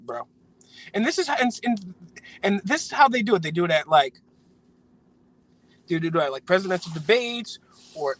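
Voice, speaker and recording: A man's voice: sits high, fairly bright tone, low-quality recording. An American man co-hosting a live stream, ranting indignantly about politics with repeated words and stumbling restarts.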